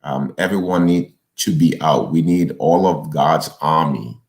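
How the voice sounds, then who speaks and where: A man's voice: extremely low pitch, unhurried, darkish tone. A man, a pastor, talking in an interview in a preacherly, urging way, often repeating and restarting words. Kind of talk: conversational interview, exhorting.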